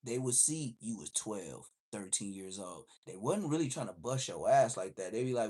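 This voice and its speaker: A man's voice: mid-range voice, expressive, darkish tone, breathy edge. A man from the Los Angeles area telling a street story, profane and slangy, acting out the voices in it. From Los Angeles area, USA. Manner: profane, slangy, quick to act out quotes. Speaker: livestream host.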